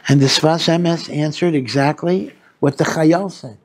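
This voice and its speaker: A rabbi delivers a weekly Torah lecture in a husky voice that sits a little high for a man. He teaches in an earnest, unhurried way, sprinkling in Hebrew terms and pressing hard on his key lines. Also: fairly even intonation, a little mellow.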